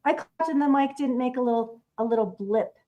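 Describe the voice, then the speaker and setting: A slightly high-voiced woman co-hosts a casual live stream. She apologizes often and laughs easily, and she is coming through her laptop's built-in mic. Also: fairly quick, warm tone. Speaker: co-host.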